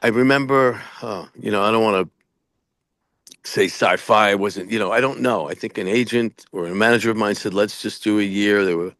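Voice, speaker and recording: A man's voice: on the low side, normal speed, fairly bright tone, no room sound, studio quality. A middle-aged man, an actor and podcast co-host, chatting casually and frankly, rambling with many restarts as he tells stories. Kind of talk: casual chat.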